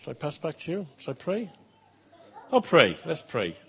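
A male pastor telling a story to children in church, lively, with chatty asides. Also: fairly high pitch, normal speed, gravelly, husky.

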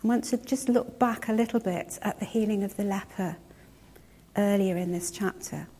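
A woman preaching a sermon, retelling a story in a measured way and slowing down to stress key words. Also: medium pitch, mellow, breathy edge.

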